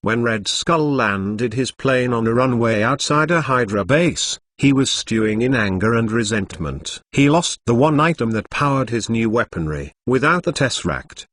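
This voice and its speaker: A man reading a story aloud as scripted narration in an even, synthetic manner. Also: medium pitch, normal speed, hardly any pauses, dry recording.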